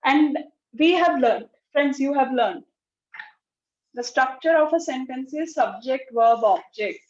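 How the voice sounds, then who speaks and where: A woman's voice: high-pitched, takes it slowly, darkish tone. A woman teaching a grammar lesson, explaining step by step, repeating key words and acting out example sentences. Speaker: English teacher. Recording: echoey, dull classroom recording.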